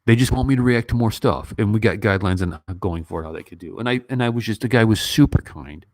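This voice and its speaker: A man in his fifties talks casually on a livestream, his voice sitting a little low and his nose stuffy from earlier crying. He wanders from thought to thought with plenty of ums and restarts. The sound is dry and close, with almost no room around it. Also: fast, darkish tone, no room sound. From United States. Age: 50s. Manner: rambling, emotional, many fillers and restarts. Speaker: YouTube movie reviewer.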